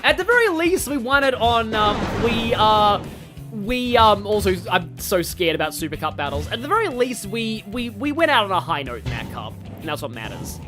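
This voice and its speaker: Excitable streamer yelling over loud game music. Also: mid-range voice, normal speed. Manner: excitable, talks to the game, yells at big moments; rambling asides with many fillers. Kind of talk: live gameplay commentary.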